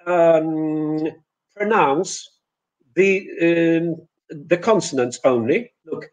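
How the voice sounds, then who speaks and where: Slow, high-voiced man teaching pronunciation. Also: a little mellow, muffled recording. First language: Polish. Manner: slow, deliberate, with hesitant restarts and fillers. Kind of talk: webinar lecture.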